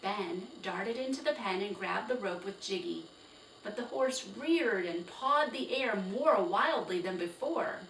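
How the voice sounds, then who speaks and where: A woman narrates a children's chapter book in slow, expressive storytelling. Her voice is bright and unhurried. The recording sounds roomy and distant, with a faint background hiss. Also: mid-range voice. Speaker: storybook reader. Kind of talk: children's read-aloud narration.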